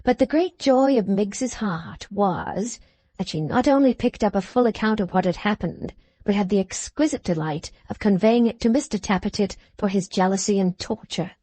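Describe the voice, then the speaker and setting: A woman's voice: mid-range voice, moderate pace, warm tone, no room sound. Woman narrating a classic novel. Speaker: audiobook narrator.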